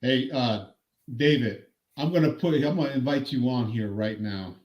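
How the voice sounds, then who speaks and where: A man's voice: medium pitch, moderate pace, muffled recording. A man hosting a casual sports chat, upbeat and laughing, reading out viewer comments. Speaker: host.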